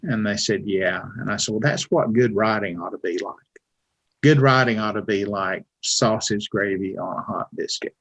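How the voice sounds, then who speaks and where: A man's voice: on the low side, moderate pace, fairly bright tone. A man with a Southern Appalachian foothills accent, telling wry, folksy stories as an interview guest. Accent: Southern US, Alabama Appalachian foothills. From Alabama, American South. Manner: folksy, wry storyteller who acts out quoted voices. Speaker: author and journalist, interview guest. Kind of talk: relaxed storytelling in an interview.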